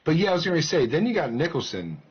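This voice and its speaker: A man with a fairly high, breathy voice chats casually on a game stream, animated and swearing freely as he jumps between jokes, quick asides, and laughs. The stream audio is muffled and lo-fi.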